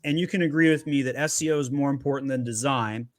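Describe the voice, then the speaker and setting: A man who runs an agency gives energetic, emphatic selling advice in a webinar conversation, often repeating words as he starts. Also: mid-range voice, fast, no room sound. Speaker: agency founder sharing Amazon selling advice.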